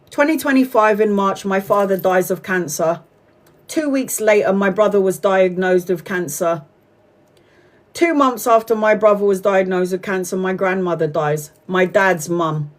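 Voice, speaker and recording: A woman's voice: medium pitch, normal speed. A woman in her forties giving a casual live-streamed tarot reading, talking bluntly and emphatically and swearing freely. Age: 40s. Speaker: tarot reader.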